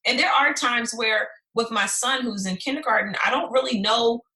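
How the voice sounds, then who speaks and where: A woman in her thirties, a podcast guest, talking in an animated, driven way about her busy schedule. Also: fairly high pitch, moderate pace. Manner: animated, driven, talks in long lists. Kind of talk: casual chat.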